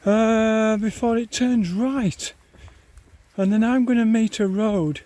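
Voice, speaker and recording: Male hiker, high voice, slow and rambling, a bit out of breath, grumbles at each hill. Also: dark tone. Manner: rambling, muttering to himself, grumbling at the hills. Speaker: hiker vlogger. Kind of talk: walking vlog commentary. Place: outdoors on open moorland.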